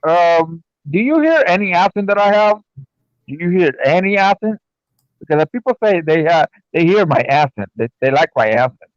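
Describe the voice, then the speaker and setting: A man co-hosting a home stream in casual chat, rambling and halting with many fillers. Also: high-pitched, big pitch swings, dry recording. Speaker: stream co-host. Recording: dull lo-fi stream mic.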